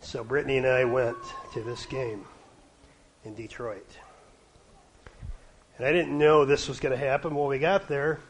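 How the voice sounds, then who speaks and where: A middle-aged man from Canada preaching a sermon, his voice sometimes dropping to a hush. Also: mid-range voice, fairly even intonation, measured pace, long pauses, low-quality recording. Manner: varies loudness, dropping to a hush at quiet points.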